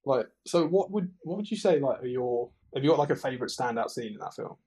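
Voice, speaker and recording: Dude gushing about a movie on a podcast, keeps restarting sentences. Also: male voice, mid-range voice, animated, fast, warm tone. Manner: enthusiastic, rambling with restarts. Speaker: podcast co-host. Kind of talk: casual film chat.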